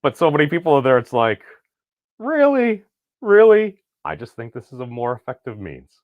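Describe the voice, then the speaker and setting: A man's voice: medium pitch, lively intonation, quick pace, no room sound, phone-quality sound. A middle-aged man hosting a casual online commentary video, talking in rambling, wry asides.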